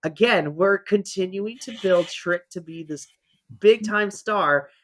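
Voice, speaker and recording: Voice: medium pitch, slow pace, a bit bright. Enthusiastic podcast co-host. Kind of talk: casual wrestling review chat.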